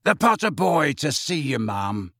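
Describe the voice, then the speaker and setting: A man's voice: fairly high pitch, sing-song, unhurried, vocal fry, bright, forceful tone, no room sound, studio quality, full character voice. A man voicing a spiteful old male caretaker who wheezes and leers as he gloats. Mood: leering. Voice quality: wheezing, leering.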